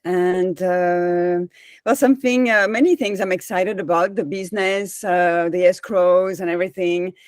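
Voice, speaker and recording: A woman's voice: lowish voice, measured pace, clean tone, no room sound, studio quality. A middle-aged woman realtor with a French accent, introducing herself hesitantly on a video call. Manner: hesitant, many uh fillers, warm and excited.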